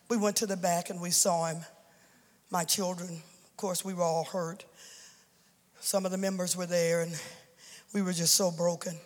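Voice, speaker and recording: A woman's voice: on the low side, steady tone, moderate pace, long pauses. A woman, the widow of a pastor, telling her story as an emotional church testimony that builds into fervent preaching. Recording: long reverb of a large hall.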